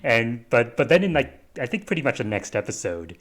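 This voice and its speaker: A young man co-hosting a podcast, chatting in a casual, halting way with many fillers and restarts. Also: mid-range voice, big pitch swings. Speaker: podcast co-host. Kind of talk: casual review chat.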